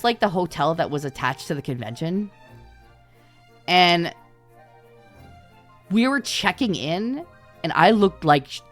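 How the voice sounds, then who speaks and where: On a livestream, a Canadian VTuber chats casually in a fairly low voice, with faint music behind her. She tells stories in an animated way, laughing a lot and swearing freely.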